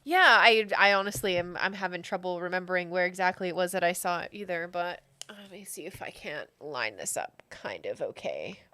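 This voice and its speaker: A woman's voice: lowish voice, lively intonation, a little fast, few pauses, sharp tone, smooth, no room sound. A woman running a tabletop game as game master, chatty and self-mocking.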